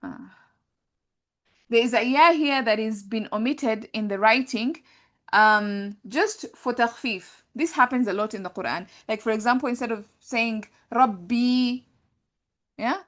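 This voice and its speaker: A woman's voice: a little high, measured pace, a bit bright. Self-correcting woman teaching grammar. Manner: repeats points, often corrects herself mid-sentence. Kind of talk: explanatory classroom lesson.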